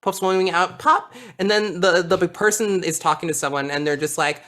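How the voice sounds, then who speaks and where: A woman player in a tabletop role-playing game, playful and excitable. She chats casually, describing her character's antics with plenty of enthusiasm. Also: on the low side, moderate pace, few pauses.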